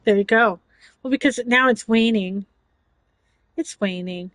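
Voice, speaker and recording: A woman hosting a relaxed livestream, chatty and quick to giggle as she reads out messages from her viewers. Her voice sits a little high, and the sound is dry and close, with no room echo. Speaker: livestream host. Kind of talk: casual livestream chat.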